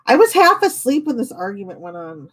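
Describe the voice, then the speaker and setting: A woman's voice: a little high, fairly quick. A young woman venting casually on a live stream, quoting an argument and talking with her chat. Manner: animated, quotes others in her own voice.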